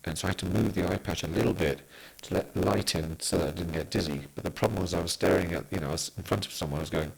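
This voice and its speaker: Man, from Kenya, podcast guest, very low voice, gravelly, animated storytelling. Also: very fast, few pauses. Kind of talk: casual conversation.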